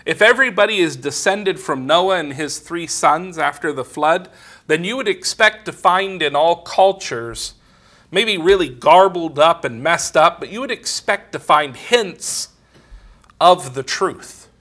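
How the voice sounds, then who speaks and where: Male theology teacher, slightly high and bright voice, casual and digressive delivery. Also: expressive, measured pace. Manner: digressive, full of "you know" asides.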